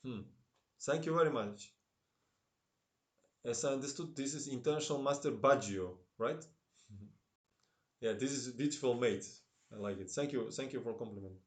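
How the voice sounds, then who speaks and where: This chess commentator speaks at normal speed in a medium-pitched voice, leaving long pauses. His English is broken and carries a Russian-tinged accent; he talks with viewers on the live stream and laughs a lot, with roomy echo around him.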